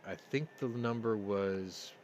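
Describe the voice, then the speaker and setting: Rambling man, low voice, excited telling. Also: slow, a little hiss or hum. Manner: rambling storyteller, gets loud and excited. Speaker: podcast host. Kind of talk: casual live-stream chat. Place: home room. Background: yard work outside.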